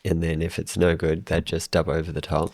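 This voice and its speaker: A man's voice: rumbling low, flat delivery, a little fast, darkish tone, dry recording. A man from New Zealand, chatting on a podcast in a hesitant, curious way, often answering briefly. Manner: hesitant, curious, short replies. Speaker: podcast co-host. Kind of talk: casual chat.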